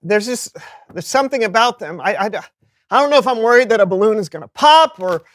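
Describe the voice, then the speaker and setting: A man's voice: high voice, lively intonation, fairly quick, a bit bright. A man co-hosting a kids' comedy skit, talking in a nervous, stammering, evasive way. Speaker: co-host of a kids' comedy show.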